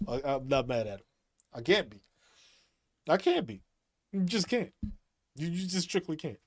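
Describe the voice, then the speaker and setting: A man's voice: fairly high pitch, sing-song, unhurried, pauses often, no echo, studio quality. A man talking casually as a streamer, rambling, repeating himself and laughing often. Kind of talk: casual monologue.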